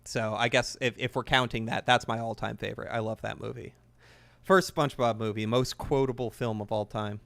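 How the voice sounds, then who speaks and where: A man's voice: mid-range voice, fairly even intonation, fairly quick, creaky, fairly bright tone, no room sound. A man in his twenties chatting casually while playing a game, rambling and enthusiastic. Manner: rambling, enthusiastic, restarts often. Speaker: gaming video creator.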